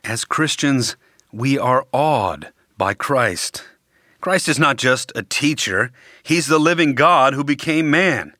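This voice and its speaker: Male preacher, sermon delivery, bright and forceful tone, slows down for emphasis, dry close sound. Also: mid-range voice, lively intonation, no room sound. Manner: deliberate, emphatic delivery with dramatic pauses.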